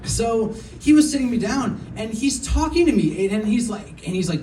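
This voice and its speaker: Young stand-up comic, animated, roomy distant sound. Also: male voice, high-pitched, moderate pace. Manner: animated, laughing at his own story. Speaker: stand-up comedian. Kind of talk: stand-up storytelling. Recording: roomy echo, mic at a distance.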